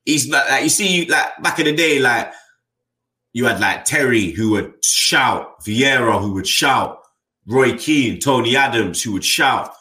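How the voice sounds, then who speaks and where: A man's voice: medium pitch, expressive, measured pace, bright, forceful tone, echoey room. A man, a football fan channel host talking bluntly in casual chat, full of slang and tag questions. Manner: blunt, slangy, keeps adding "you get me".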